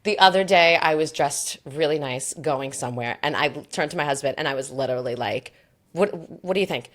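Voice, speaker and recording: A woman in her thirties, a comedian guest in a casual chat, telling expressive stories and quick to laugh. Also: low-pitched.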